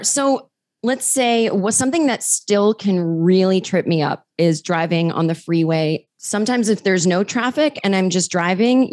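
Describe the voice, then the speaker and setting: Comedian guest, woman, casual chat, animated storytelling. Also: fairly low pitch. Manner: animated storyteller who acts out quotes.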